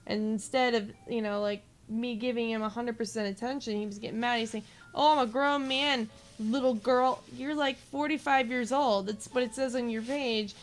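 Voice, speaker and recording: A woman's voice: fairly high pitch, steady tone, fairly quick, hardly any pauses. A woman in her twenties, a game streamer, ranting in casual live-stream chat and swearing freely. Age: 20s.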